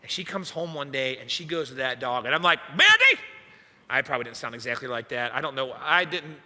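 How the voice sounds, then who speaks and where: A young adult man, a youth pastor, preaching a sermon as an animated, self-mocking storyteller. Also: mid-range voice, quick pace, big-room sound. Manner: animated, self-mocking storyteller acting out his own past lines. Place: church hall.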